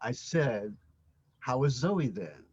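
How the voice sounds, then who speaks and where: A haunted, reclusive husband, acted by a man, stumbling over his words in a husky, breathy voice. He speaks slowly and broods. The amateur audio drama has a dull, lo-fi sound. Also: medium pitch, big pitch swings, a little mellow, no echo, exaggerated voice. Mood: wistful. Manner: halting, stammering, brooding.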